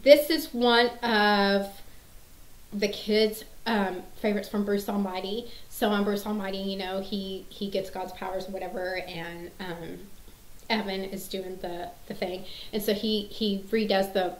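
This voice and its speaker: A woman's voice: medium pitch, steady tone, measured pace, echoey room, low-quality recording. A woman in her thirties chatting casually to camera, rambling with many fillers and restarts. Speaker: mom sharing favorite movie quotes.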